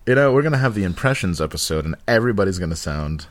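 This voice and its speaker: A man's voice: sits low, expressive, normal speed, pauses often, noisy background. A man hosting a casual chat, rambling and self-mocking, laughing often. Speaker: podcast host.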